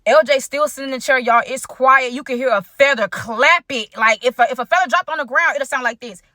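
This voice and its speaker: A young woman telling a storytime vlog in an animated, chatty way, talking straight to her viewers. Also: high voice, fairly quick. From United States. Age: young adult. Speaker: vlogger.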